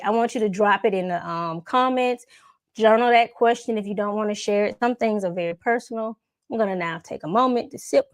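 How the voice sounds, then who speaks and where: A woman vlogger telling a personal faith story in a casual, animated way, with folksy asides to her viewers and frequent laughs. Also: mid-range voice, normal speed, no echo, studio quality. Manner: laughs often while talking. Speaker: faith and self-development vlogger.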